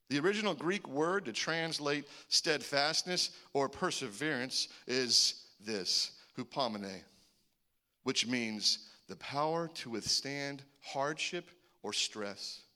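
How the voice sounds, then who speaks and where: A man in his forties preaching a sermon, an animated storyteller who acts out the voices in his stories. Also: mid-range voice. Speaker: pastor.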